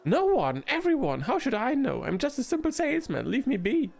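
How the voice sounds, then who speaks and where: A man's voice: very high voice, huge pitch swings, fairly quick, vocal fry, a little mellow, faint music behind, pitched above the performer's own voice, heavily acted. A man voicing a nervous, touchy male gnome salesman who stammers and gets defensive, read aloud in a video game playthrough. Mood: irritable.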